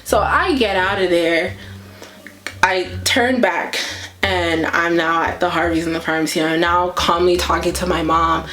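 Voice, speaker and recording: A woman's voice: fairly low pitch, echoey room. A woman vlogger casually telling a story, acting out her own reactions as she goes. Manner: animated retelling that acts out her own reactions.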